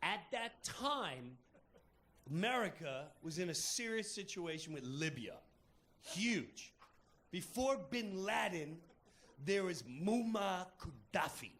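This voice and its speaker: A man in a relaxed chat tells funny stories with a lively, swooping voice. His pitch sits a touch high and he laughs as he goes, with a faint hum of ambience behind him. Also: takes it slowly. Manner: animated, laughs into his lines. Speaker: storyteller. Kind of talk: casual comic storytelling.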